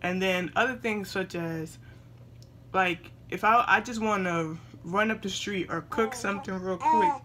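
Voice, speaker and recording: A woman's voice: medium pitch, expressive, unhurried, a bit bright, slight background noise. A young woman vlogging casually at home, chatting to viewers and breaking off to talk to her baby. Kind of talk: casual chat to camera.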